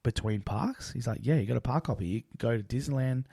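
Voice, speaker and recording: A man's voice: medium pitch, fast talker, vocal fry, slightly rough. A man, co-hosting a podcast and casually telling a travel story, acting out quoted lines. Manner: relaxed, acts out quoted dialogue. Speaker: podcast co-host.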